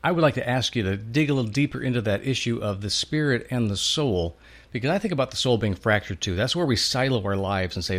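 A man's voice: mid-range voice, expressive, quick pace. A man hosting a faith conversation, reflective, working through his ideas aloud with images. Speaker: host. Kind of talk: faith podcast interview.

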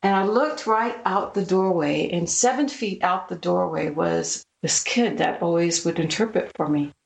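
A woman's voice: lowish voice, moderate pace, creaky. A woman, a missionary guest, earnestly retelling a personal story with vivid quoted dialogue.

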